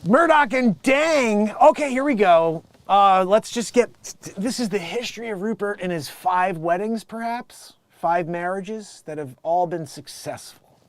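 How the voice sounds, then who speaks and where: A man's voice: high voice, a little slow. A man hosting a comedic news show, rambling and joking through headlines and laughing at his own bits. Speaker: talk show host.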